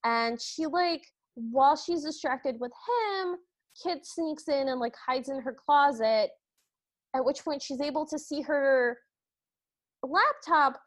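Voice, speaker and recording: Woman podcast co-host, high voice, wry chatty movie recap. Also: takes it slowly. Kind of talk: casual chat recapping a movie.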